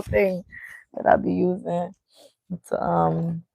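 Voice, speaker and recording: Low voiced woman streaming a book read, blunt and jokey, swears a lot, dry close mic. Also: takes it slowly, vocal fry, darkish tone, no room sound. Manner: blunt, joking, swears freely, drifts between chat and reading. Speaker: streamer reading a book aloud. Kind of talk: casual chat while reading on stream. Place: indoors at home. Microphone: handheld mic.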